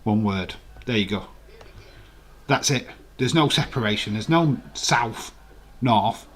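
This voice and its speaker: Hosting a laid-back live watch-along, a man from West Yorkshire speaks slowly with a Yorkshire accent, his fairly low voice full of lively intonation. He chats with viewers in a playful, argumentative manner.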